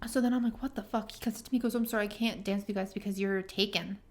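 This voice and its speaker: A young woman co-hosting a podcast, casually telling dating stories, animated and swearing freely as she acts out what people said. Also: medium pitch, rapid-fire. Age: young adult. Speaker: podcast co-host. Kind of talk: casual chat, storytelling.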